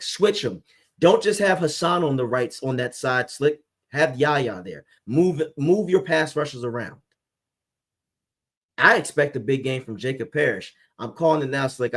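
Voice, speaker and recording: A man's voice: medium pitch, fairly bright tone. Emphatic male sports-stream host. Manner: emphatic game predictions, keeps calling his co-host by name. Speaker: host of a sports fan show. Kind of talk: casual sports talk on a live stream.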